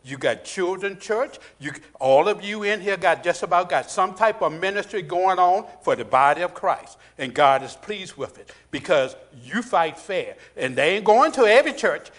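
A man preaching a sermon in a church, calling out to the congregation, repeating phrases and dropping to a hushed intensity in prayer. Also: fairly high pitch. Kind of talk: sermon with altar call. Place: church sanctuary.

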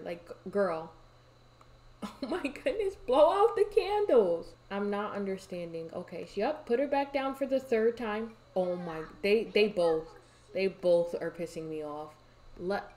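A young woman talks through a life-sim game in casual commentary. She scolds and cheers the characters on screen, her voice at a middle pitch, and keeps sighing out exasperated exclamations. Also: darkish tone. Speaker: gaming YouTuber.

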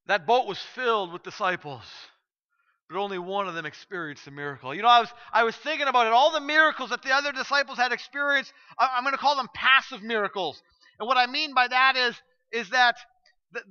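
Pastor, male, high bright voice, smooth delivery, dramatic storyteller sermon, dull lo-fi church recording. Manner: storytelling, dramatic shifts from loud to hushed. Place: church sanctuary.

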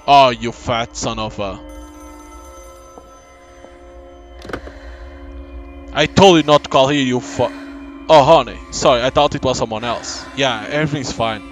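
Brief: a man doing a cornered, cursing, boozy writer of middle age, mid-pitched voice, faint music behind. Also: normal speed, natural voice, poor audio. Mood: flustered. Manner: reads game dialogue aloud, gruff and cursing. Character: hard-drinking struggling male writer, middle-aged, cornered.

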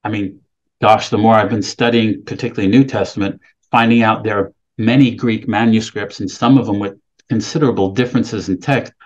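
A man's voice: lowish voice, steady tone, a little fast, highs cut off. A man preaching a sermon, reading scripture aloud with rising emphasis and then explaining it plainly. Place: California, speaking remotely.

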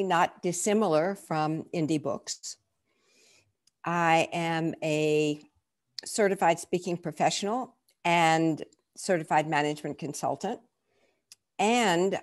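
A woman who is an author and management consultant, introducing herself in a measured, earnest way over a video call. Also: sits low, darkish tone. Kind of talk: self-introduction.

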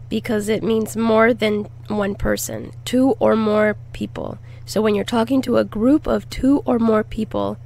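A woman teaching a lesson, repeating each word slowly and deliberately and stressing syllables for learners to copy. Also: fairly high pitch, gravelly, darkish tone. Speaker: Spanish teacher. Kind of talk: slow, clear language lesson.

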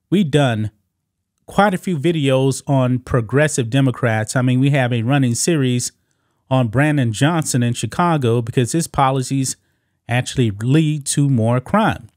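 A man's voice: mid-range voice, expressive, normal speed, a little mellow, no room sound, clean studio sound. A man hosting casual political commentary, mocking and talking straight to his viewers. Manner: mocking, addresses viewers as guys.

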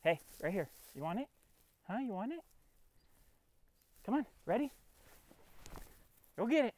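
Out in a field, a man vlogs casually while training his puppy, coaxing the dog and explaining each step between commands. His high-pitched voice is very animated and a little mellow, moving at a normal speed.

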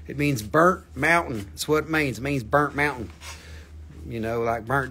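A man's voice: mid-range voice, normal speed, sharp tone, slight background noise. A man hosting a live crystal sale, chatting casually, teasing viewers and swearing freely. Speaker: livestream crystal seller. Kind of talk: casual live sales chat.

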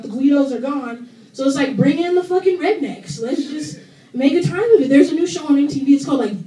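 High-voiced woman doing stand-up. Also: dark tone. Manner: loose, profane, conversational, laughing through jokes. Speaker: stand-up comedian. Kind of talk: stand-up comedy set. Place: comedy club stage. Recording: roomy club recording from far off with crowd. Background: audience laughing.

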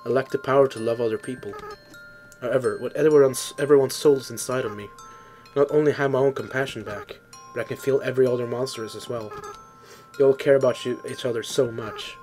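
Remorseful young goat-monster boy, read aloud by a man, soft halting delivery, middle pitch, faint music behind. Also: fairly even intonation, close to an everyday voice. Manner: soft, halting, stumbling over words. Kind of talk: reading game dialogue aloud.

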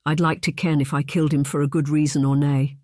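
A narrator voicing a big, commanding Highlander man with a Scottish accent and blunt, authoritative speech in an audiobook. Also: flat delivery, fast talker, a little mellow, dry recording, clean studio sound, lightly acted. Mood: firm. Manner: commanding, blunt, dialect words. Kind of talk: audiobook character voice.

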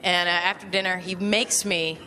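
A woman's voice: fairly low pitch, steady tone, normal speed. A woman comedian doing a self-deprecating, sardonic stand-up set on stage at a music venue. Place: large music venue before a live audience. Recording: live stage recording with loud crowd laughter and noise. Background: audience laughter and applause.

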